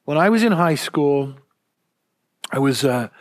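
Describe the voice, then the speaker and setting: Man, pastor, from Southern California, sermon, high voice, earnest, repeats words. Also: animated, a little slow. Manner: earnest, repeats words when stressing a point.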